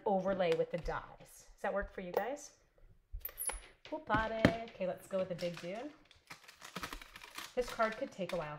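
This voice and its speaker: A woman's voice: mid-range voice, a little mellow, slight background noise. A middle-aged woman chatting casually and bubbly while demonstrating paper crafts at home, joking and wandering off topic. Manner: chatty, bubbly, jokes and digresses while working. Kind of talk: casual crafting livestream chat.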